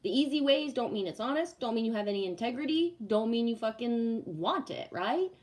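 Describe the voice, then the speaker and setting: A woman's voice: fairly high pitch, expressive, a little fast. Blunt, profane woman venting on a livestream. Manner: emphatic and profane, rhetorical "right?". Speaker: spiritual livestream host. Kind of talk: casual spiritual livestream chat.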